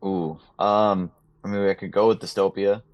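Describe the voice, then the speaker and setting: A low-voiced man from New York answers interview questions in a relaxed, halting way, full of ums and restarts. The sound is dry and close, with no room echo. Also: highs cut off. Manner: laid-back, hesitant, many fillers. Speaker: metal drummer and vocalist, guest. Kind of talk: casual interview chat. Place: apartment.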